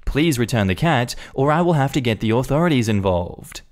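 A man's voice: medium pitch, lively intonation, fairly quick, lightly acted. A man voicing a firm, no-nonsense animal control officer.

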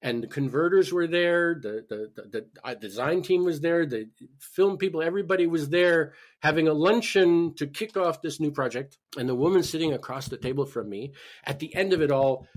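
A man, a guest on a talk podcast, telling a personal story in an animated way with frequent restarts. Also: on the high side, moderate pace. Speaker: podcast guest, spiritual healer. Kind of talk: personal story told in conversation.

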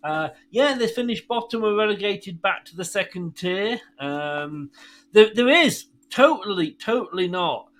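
A man's voice: high voice, animated, a little slow, fairly bright tone, soft background music. A middle-aged man hosting a radio show, chatting with a caller and laughing through his stories. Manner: chatty storyteller, laughs often. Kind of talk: casual chat with a caller.

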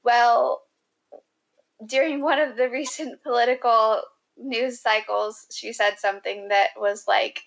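A woman hosting a podcast, telling a story in casual chat with animated quoted asides and frequent laughs. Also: on the high side, unhurried, creaky. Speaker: podcast host. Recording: dull lo-fi podcast audio.

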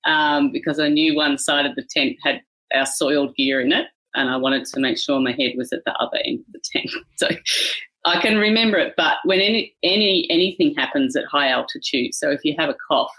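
A middle-aged woman with an Australian accent and a low voice, recounting events to an interviewer. She speaks in a measured way, with short restarts. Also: fairly bright tone, poor audio. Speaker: guest. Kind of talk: interview recollection.

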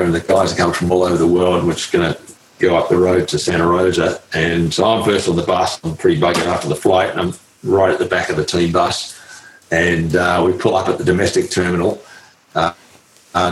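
A man, a retired cyclist, telling a story in a halting way with lots of fillers and salty slang. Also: sits low, level tone, a little hiss or hum. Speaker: retired pro cyclist, guest. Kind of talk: casual storytelling interview. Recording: roomy echo, faint ambience.

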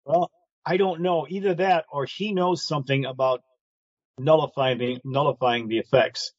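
A man's voice: a little high, fairly even intonation, moderate pace, no room sound. A man chatting casually on a live online show, rambling and speculating with lots of restarts, heard over a video call. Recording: dull lo-fi call audio.

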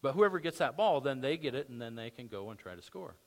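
A man's voice: mid-range voice, lively intonation, fast talker. A man preaching a sermon as pastor, conversational with emphatic bursts.

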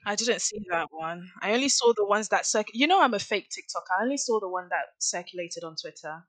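A woman's voice: medium pitch, dry recording. Chatty woman, dry close sound. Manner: animated, chatty, quick to laugh. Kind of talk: casual chat.

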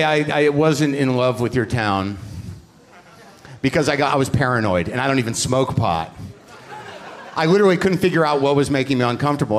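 A man hosting a live podcast on stage, telling a story in an animated, profane and self-deprecating way. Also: mid-range voice. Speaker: podcast host and comedian. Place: on stage at a live comedy show.

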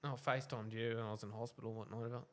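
A man's voice: mid-range voice, level tone, rapid-fire, a bit bright. A young Australian man telling a story on a casual podcast, laid-back, swearing freely and laughing as he goes. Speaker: podcast co-host.

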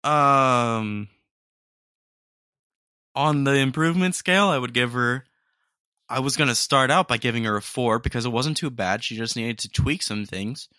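Female podcast host, playful reactor, bright and dry close sound. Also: very deep voice, normal speed, pauses often, no room sound. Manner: playful, reacting with laughs and "dude". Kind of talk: casual commentary on clips.

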